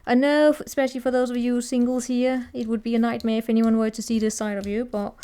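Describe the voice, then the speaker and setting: A woman's voice: on the high side, little pitch movement, fast talker, dark tone, smooth. A woman giving a casual, chatty tarot reading to viewers, teasing and laughing as she talks, often restarting her sentences. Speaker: tarot reader.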